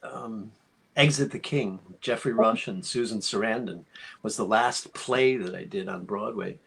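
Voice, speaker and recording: A man actor on a festival panel, telling a story in an animated way with many fillers. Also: fairly low pitch, measured pace, gravelly, slightly rough. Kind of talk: panel discussion.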